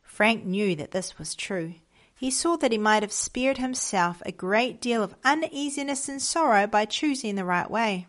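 A woman reading a moral children's story aloud in a gentle, measured way, giving small voices to the characters. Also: mid-range voice.

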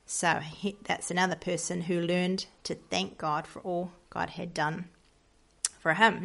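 A woman teaching a devotional lesson, telling hymn history and reading moral stories in a gentle, earnest way. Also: mid-range voice. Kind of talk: storytelling lesson for children.

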